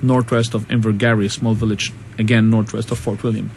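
Man from Malta, radio guest, hesitant chatty manner, low-ish voice, faint background hiss. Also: level tone, brisk, creaky, darkish tone. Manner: hesitant, many ums, enthusiastic. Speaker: guest singer. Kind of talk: casual radio interview.

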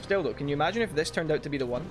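Man, let's play commentary, foul-mouthed, lively sing-song delivery, faint music behind. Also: fairly high pitch, racing. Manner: animated, swearing, frustrated outbursts at the game. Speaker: gaming YouTuber.

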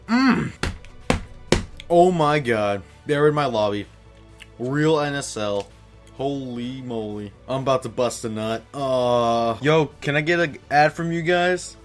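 A man giving live commentary over a game into a headset, gushing and excitable like a starstruck fan. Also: mid-range voice, a little slow, faint music behind. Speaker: gaming YouTuber.

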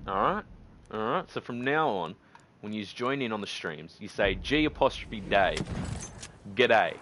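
An Australian man chatting excitably while streaming a shooter game, swinging from loud outbursts to low muttering. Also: moderate pace. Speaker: gaming streamer. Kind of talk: live gameplay commentary. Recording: gunfire and battle noise behind.

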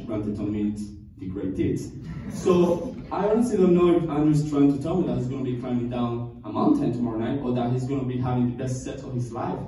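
Young guy from cuba doing standup, mellow voice, sounds far off in a really echoey room. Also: mid-range voice, slight background noise. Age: young adult. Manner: deadpan storytelling with quick punchlines, laughs at own jokes. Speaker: student comedian. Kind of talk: stand-up comedy routine.

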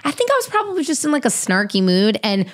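A woman in her thirties telling stories as an interview guest, animated, profane and self-mocking. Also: high voice, fast. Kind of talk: casual storytelling.

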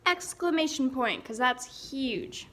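A young woman teacher giving a recorded writing lesson, saying each word slowly aloud as she writes it down. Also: high voice, expressive, bright, forceful tone. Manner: slow, dictating words aloud as she writes. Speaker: elementary school teacher.

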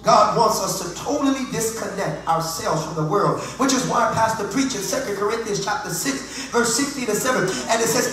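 A man preaching a fervent Pentecostal sermon that swings from low talk to loud cries, calling on the congregation to answer him. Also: normal speed, few pauses, far from the mic. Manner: calls on the congregation to respond. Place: church sanctuary. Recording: echoey church hall with faint music.

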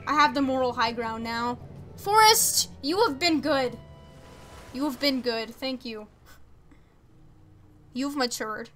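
A woman's voice: high voice, expressive, slow pace, pauses often, a bit bright, faint music behind. A young woman streaming a game, chatting casually with viewers, reading chat aloud and making exasperated asides. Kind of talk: casual live-stream chat while gaming.

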